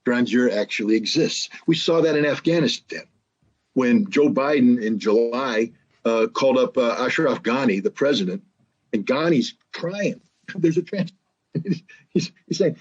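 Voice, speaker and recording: A man giving emphatic, animated political commentary as an interview guest, often repeating words as he thinks. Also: mid-range voice, unhurried, slightly rough, lo-fi sound. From United States.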